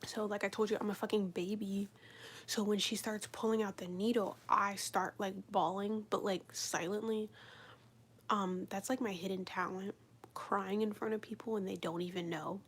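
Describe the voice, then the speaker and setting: A woman chatting casually on a live stream, telling a rambling, profane story full of "like" and sometimes dropping to a hushed whisper. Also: mid-range voice, steady tone, normal speed, slightly rough. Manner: drops into a hushed whisper at times.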